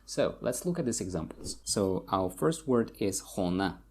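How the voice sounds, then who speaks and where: A man from Tajikistan with a Tajik accent, explaining word stress to learners and repeating each example word slowly. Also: lowish voice, animated, a little mellow, husky. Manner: slow, repeats words for learners. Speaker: language teacher. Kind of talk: explaining pronunciation lesson.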